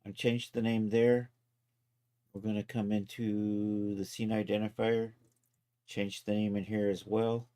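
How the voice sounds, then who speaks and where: A man livestreaming his 3D art work in a casual, chatty way, talking to viewers and to his software as he goes and chuckling often. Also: on the low side, level tone, measured pace, smooth. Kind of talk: casual live-stream commentary.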